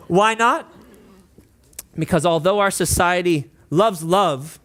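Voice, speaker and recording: A man's voice: high voice, lively intonation, measured pace, long pauses, fairly bright tone. A man preaching a sermon as a pastor, conversational with asides and prompts to the congregation, sometimes singing or doing playful mock voices.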